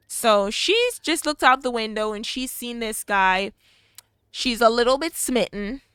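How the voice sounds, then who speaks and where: A young woman narrates a game story in a chatty, animated manner. Her voice sits a bit high and bright, and the recording is dry and close. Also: a little slow, clear, resonant tone, no room sound. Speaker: gameplay storyteller. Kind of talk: casual narrated gameplay storytelling.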